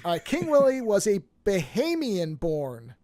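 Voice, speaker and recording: A man's voice: high-pitched, wildly swooping pitch, unhurried, darkish tone, no room sound. A man co-hosting a casual film discussion, wry and enthusiastic as he talks.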